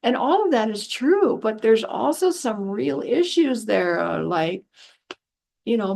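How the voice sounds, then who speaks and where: Here the woman's voice is a little high and sing-song, creaky with a darkish tone, and a little slow. She's an animal communicator and spiritual healer in a frank, casual monologue, acting out quotes in changed voices and venting exasperated asides.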